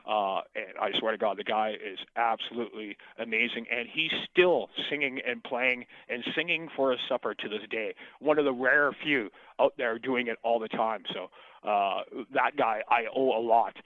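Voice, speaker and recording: A middle-aged man, a singer, talks through his past in a loose, rambling interview, cursing casually and restarting his sentences. His voice sits at an ordinary pitch for a man. The sound is thin and boxy like a phone call, with no room echo at all. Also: steady tone, moderate pace. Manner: rambling, profane, restarts often. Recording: tinny phone-line sound, dry.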